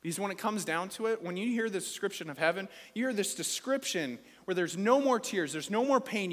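Higher-voiced man preaching in a reverberant church. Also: lively intonation, fairly quick, few pauses. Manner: conversational preaching, rising emphatic peaks. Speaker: pastor. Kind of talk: sermon. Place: church sanctuary. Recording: reverberant church hall with faint music.

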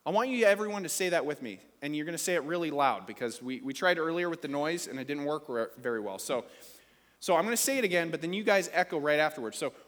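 Higher-voiced man preaching in a reverberant church. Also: animated, fast, a bit bright. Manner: conversational preaching, rising emphatic peaks. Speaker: pastor. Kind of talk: sermon. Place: church sanctuary. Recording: reverberant church hall with faint music.

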